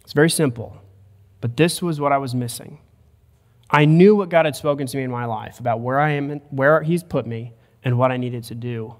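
A man's voice: medium pitch, brisk. A man preaching a sermon as a pastor, earnest and building to emphatic points. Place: church sanctuary. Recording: long church hall reverb.

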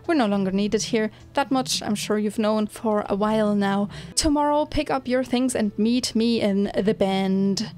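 A woman voicing a gentle, caring plant-folk mentor in a video game, reading in a soft, measured, reassuring way. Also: mid-range voice, close to an everyday voice.

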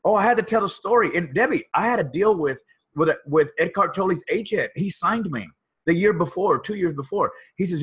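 A man's voice: high voice, expressive, fairly quick, fairly bright tone, breathy edge. A man, a motivational speaker and author, earnestly telling a personal story as a guest in an interview.

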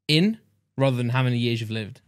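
A man's voice: medium pitch, fairly quick. A man co-hosting a podcast, chatting casually and joking around. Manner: jokey, tries silly impressions. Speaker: podcast co-host.

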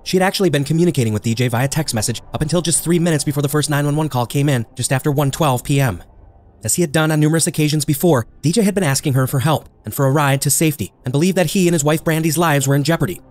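A man hosting a podcast, reading a scripted true crime narration in a brisk, measured storytelling manner. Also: on the high side, a little mellow.

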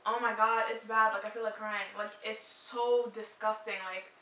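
A woman's voice: fairly high pitch, level tone, moderate pace, bright, forceful tone, slight background noise. A young woman in her twenties, pregnant and suffering morning sickness, chatting casually to camera in a rambling way full of fillers. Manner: rambling, filler-heavy "like" talk. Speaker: vlogger. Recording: roomy echo, mic at a distance.

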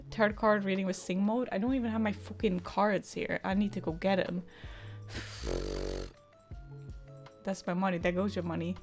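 A woman's voice: medium pitch, fairly even intonation, brisk, darkish tone, faint music behind. A woman streamer chatting and swearing live with her viewers, stressed and frazzled. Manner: frazzled, swearing, improvised singing. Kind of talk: casual live-stream chat.

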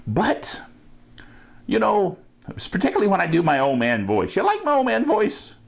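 A man's voice: high-pitched, wildly swooping pitch, normal speed, gravelly. A middle-aged man hosting a tech podcast, chatting casually with an enthusiastic, jokey manner. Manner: enthusiastic and jokey, laughs at himself. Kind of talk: casual tech news chat.

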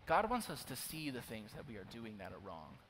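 A young man from Oklahoma preaching a sermon to young adults, swinging between loud urgent pleading and hushed, near-whispered confession. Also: mid-range voice, huge pitch swings, fairly quick. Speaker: youth pastor. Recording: long hall reverb, faint noise.

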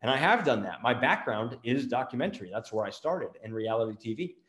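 A middle-aged man hosting a motivational business talk, energetic, firing off rapid rhetorical questions. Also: medium pitch, reverberant. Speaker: marketing agency owner and show host.

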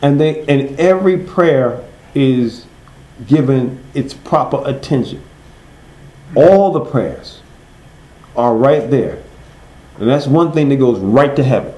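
A man's voice: medium pitch, animated, dark tone. Man teaching Bible study in an echoey room. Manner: asks the class questions, then answers them; reads verses slowly and stresses each word.

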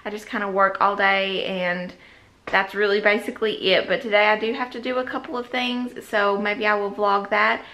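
A young woman chatting casually to the camera in a rambling, relaxed way. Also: medium pitch, normal speed, no echo. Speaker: vlogger. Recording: dull lo-fi recording with loud background noise.

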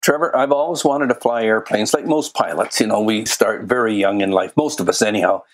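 A man's voice: fairly low pitch, fairly quick. A man from England, a guest pilot telling his own story in a podcast interview. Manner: conversational storytelling.

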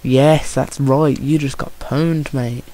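A young man with a Birmingham accent, giving chatty, excitable and jokey commentary on his own gameplay. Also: medium pitch, slow. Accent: Birmingham English. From Birmingham, England.

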